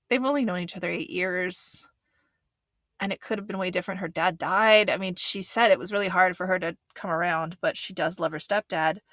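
A woman's casual commentary, earnest and meandering, full of restarts and fillers. Her voice sits a little low and the sound is dry and close, with no room around it. She is openly moved as she talks. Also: a bit bright, dry recording. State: getting emotional. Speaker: commentator reacting to a reality show.

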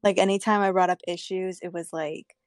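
A woman's voice: lowish voice, fairly even intonation, brisk, no echo, clean studio sound. A young woman telling a candid story in casual chat, swearing freely.

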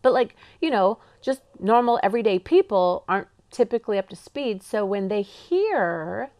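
A woman yoga teacher giving an animated, enthusiastic teaching talk, slowing to drawn-out calm phrases. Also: medium pitch. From Pacific Northwest.

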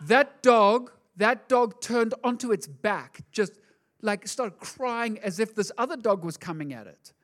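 A male pastor preaching a sermon in an animated, conversational way, acting out the voices he quotes. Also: high voice, measured pace.

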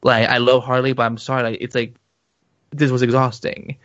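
A man co-hosting a casual podcast, talking in an animated, excitable way with many restarts. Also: mid-range voice, fairly quick, no room sound. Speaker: podcast co-host. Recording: dull muffled lo-fi sound.

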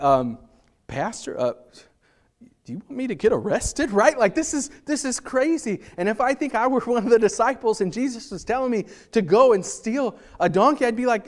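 A man preaching a sermon as pastor, acting out scenes in quick voices. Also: very high-pitched, animated. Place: church.

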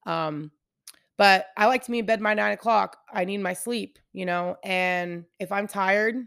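A woman's voice: mid-range voice, a little slow, vocal fry, fairly bright tone, clear, resonant tone, dry recording, studio quality. A woman in her thirties hosting a podcast, talking candidly and rambling to her listeners about faith and daily life. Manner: candid, rambling, addresses listeners as you guys. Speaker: podcast host. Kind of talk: casual devotional podcast chat.

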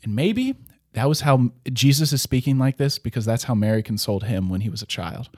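A man in easy, conversational mode works through ideas about scripture out loud. He often breaks off and restarts, and keeps checking in with his listener. His pitch and energy sit in an ordinary middle range. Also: lively intonation, fairly quick. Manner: rambling, self-interrupting, frequent "right?". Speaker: podcast co-host. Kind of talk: casual conversational discussion of scripture.

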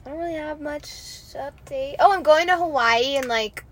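A young adult woman co-hosting a podcast in casual chat, low-key and easygoing. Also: moderate pace, a little hiss or hum. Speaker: podcast co-host.

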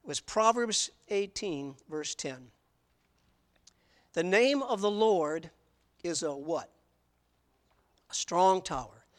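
A man's voice: high voice, animated, takes it slowly, pauses often. A male pastor preaching a sermon, emphatic, who repeats key words in lists and asks the congregation questions.

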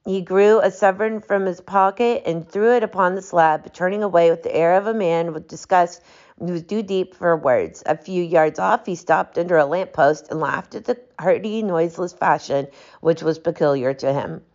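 A woman's voice: fairly low pitch, moderate pace, darkish tone. Woman reading a classic story aloud. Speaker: audiobook narrator. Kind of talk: storybook narration. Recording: dull lo-fi audiobook recording.

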